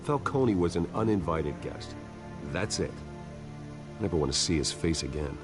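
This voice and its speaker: A deep, reserved rich young man. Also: very animated. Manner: low, measured, restrained. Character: calm wealthy young man, reserved and earnest. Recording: game audio with faint music.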